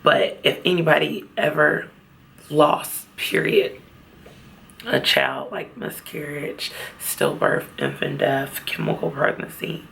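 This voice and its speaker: Gravelly-voiced woman vlogging at a beach. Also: low voice, big pitch swings, a bit bright. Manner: halting, heartfelt, fighting back tears. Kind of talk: personal vlog talk. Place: outdoors at a beach.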